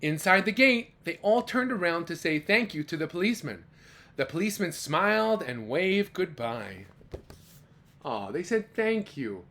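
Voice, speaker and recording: Reading a picture book aloud to young children, a man uses a high-pitched voice that rises and falls widely in a warmly animated, sing-song style. He stops now and then to gasp, exclaim, and put questions to his listeners.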